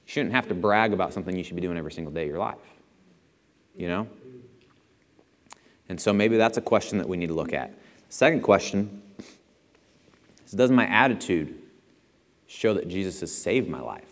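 A young man with a deep voice gives a casual, storytelling sermon in a church auditorium, talking a little fast and pausing often. He's chatty and self-deprecating, chuckling frequently, and the hall adds a long reverb.

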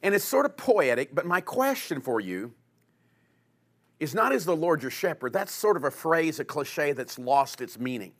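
A male pastor preaching a sermon to his congregation, with a dynamic delivery that swings from loud emphasis to quiet, low asides. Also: sing-song, a little slow.

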